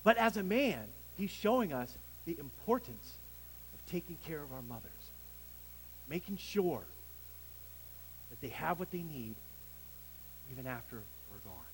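A man preaching a sermon as pastor, swelling to emphatic peaks and dropping low, with some restarts. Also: big pitch swings, measured pace, pauses often, long reverb tail, slight background noise, rough recording.

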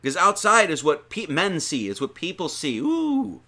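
A man's voice: a little high, normal speed. A man giving an informal sermon, reading scripture aloud and riffing on it with slang and rhetorical questions. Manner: animated, slangy, reads verses then riffs with rhetorical questions. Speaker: lay preacher.

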